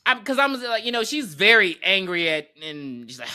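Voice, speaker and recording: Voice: mid-range voice, moderate pace. A podcast co-host recapping a horror movie in casual, slangy chat, telling it with laughs and acted-out lines. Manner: animated storytelling, laughs often, slangy and profane.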